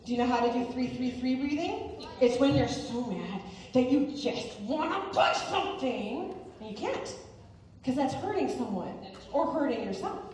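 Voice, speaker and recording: Animated female host, kid-friendly, voice distant and echoing in a big hall. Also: sits high, moderate pace, slight background noise. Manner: animated, playful, talks to kids. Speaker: host and parent panelist. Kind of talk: lively family event presenting. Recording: echoey hall from far off.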